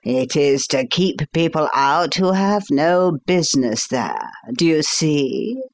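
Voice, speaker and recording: A woman's voice: sits low, sing-song, slow, no room sound, pitched below the performer's own voice, heavily acted. A woman voicing a sinister middle-aged man who talks in an overly soothing, coaxing way that turns menacing. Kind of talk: audiobook character voice.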